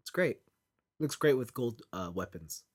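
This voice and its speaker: Lively Canadian podcast co-host, laughing often. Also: medium pitch, moderate pace. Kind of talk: casual chat.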